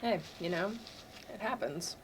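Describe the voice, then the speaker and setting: A woman's voice: mid-range voice, expressive, unhurried, a little hiss or hum. A young woman hosting a casual interview, teasing her guest and laughing often. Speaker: host, student interviewer.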